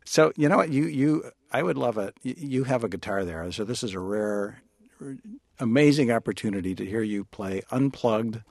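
A male radio host asks curious, friendly questions and laughs easily. His voice is gravelly and a little husky. The studio sound is dry and close. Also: medium pitch, animated, moderate pace, darkish tone, dry recording. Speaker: radio interviewer. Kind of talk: radio interview.

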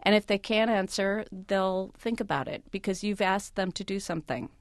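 A woman advice columnist, a guest on a radio talk show, giving confident advice in a relaxed way. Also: medium pitch, normal speed, no room sound, clean studio sound. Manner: confident, advising, with easy laughter.

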